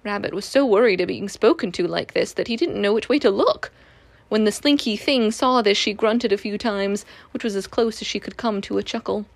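A woman reading a children's storybook aloud in a gentle, even way. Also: medium pitch, brisk, creaky, dry recording.

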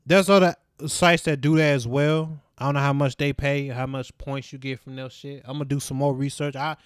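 A man talks alone on his own podcast, rambling from one thought to the next with plenty of swearing and laughter. His voice sits at an ordinary middle pitch. It is recorded close up in a dry, deadened room. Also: steady tone, fairly quick, smooth, no echo. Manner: rambling, profane, laughs often. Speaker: podcast host. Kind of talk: casual solo podcast monologue.

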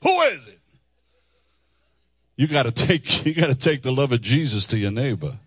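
A middle-aged man preaching a testimony sermon, animated, singing phrases and laughing asides. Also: medium pitch, fairly quick, breathy edge, no echo. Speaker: chaplain and preacher. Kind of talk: testimony sermon with sung lines. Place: church hall before a congregation.

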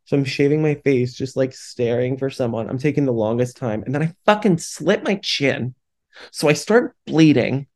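A man's voice: mid-range voice, normal speed, a little mellow. A young man hosting a podcast, telling a candid, self-deprecating story in casual talk, swearing freely and often laughing at himself. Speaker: podcast host.

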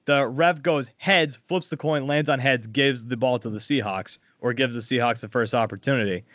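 A man co-hosting a casual sports podcast, bluntly recapping the week's football scores with lively opinions. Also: mid-range voice, moderate pace, dry recording, muffled recording. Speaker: podcast co-host.

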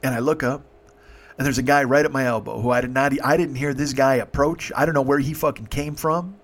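Profane fifty-something man telling a story. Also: medium pitch. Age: 50s. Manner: profane, halting, animated. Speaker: podcast host. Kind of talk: casual storytelling.

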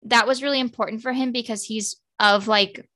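Chatty young woman with a bright voice. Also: a little high, steady tone. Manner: fan-girly, quick, lots of "like" fillers. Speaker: podcast co-host. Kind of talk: casual chat.

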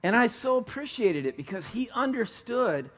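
A man's voice: very high-pitched, very animated, moderate pace, fairly bright tone. A middle-aged man from California preaching a sermon as a pastor, telling stories and asking the congregation questions.

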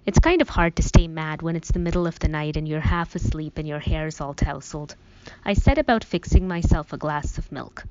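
A woman's voice: low voice, moderate pace, darkish tone, smooth, dry recording. A woman narrating a first-person novel as an audiobook, wry and conversational. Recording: dull, dry studio sound.

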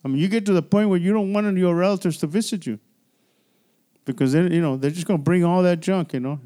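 A man's voice: high-pitched, fast, warm tone. A man pastor preaching a midweek church sermon in a conversational style, with frequent restarts and call-and-response. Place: church sanctuary.

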